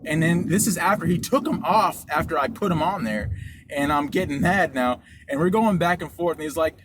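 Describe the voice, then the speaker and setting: A young man co-hosting a podcast, telling a story in a casual, animated and profane way. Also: fairly high pitch, normal speed. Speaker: podcast co-host. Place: car during a delivery drive. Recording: loud road and ambient noise.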